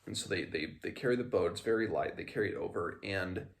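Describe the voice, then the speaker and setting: A man's voice: low-pitched, fast, vocal fry. A man hosting a casual book discussion podcast, rambling through a chapter with fillers and self-corrections. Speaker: podcast host.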